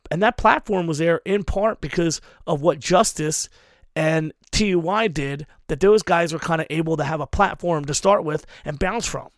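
A man's voice: on the high side, dry recording, clean studio sound. A man in his forties who books hardcore shows, giving hard-driving advice with constant swearing and strong emphasis. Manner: emphatic, heavy swearing, drives points hard. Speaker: hardcore show booker. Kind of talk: profane advice rant.

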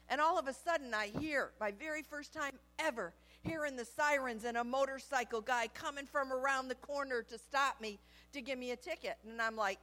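A middle-aged woman preacher telling a humorous story in a sermon, lively and laughing as she goes. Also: on the high side.

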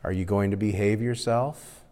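Stern, kindly preacher, measured and quiet, a man voicing him, big hall reverb. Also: on the low side, fairly even intonation, lightly acted. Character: patient male small-town preacher, stern but kindly.

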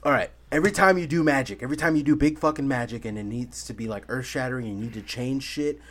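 A man's voice: mid-range voice, quick pace. A man co-hosting a podcast in rowdy casual chat, swearing freely and rambling animatedly. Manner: animated, swearing, gestures loudly, breaks into laughs. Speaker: podcast co-host.

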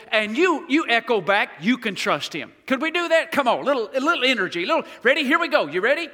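A man's voice: very high-pitched, sing-song, fast talker, few pauses, bright, forceful tone. A man preaching as a guest pastor in a church, leading the congregation in call-and-response. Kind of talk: sermon. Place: church sanctuary. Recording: long hall reverb.

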